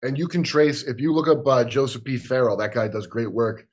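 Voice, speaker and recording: A man chats as a guest, animated and emphatic as he hints at hidden powers behind the scenes. He insists on his points with a conspiratorial edge, in a voice of ordinary middle pitch. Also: fairly quick, breathy edge. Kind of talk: casual chat.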